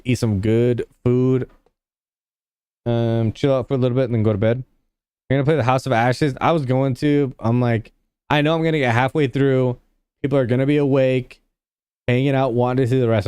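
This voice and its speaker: A young man on a livestream, chatting loosely with his viewers and padding his sentences with "like". His voice is smooth and resonant. The sound is close and dry, with no room around it. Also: medium pitch, warm tone, no room sound. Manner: rambling, heavy use of "like" fillers; laid-back, talks to chat. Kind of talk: casual livestream chat with viewers.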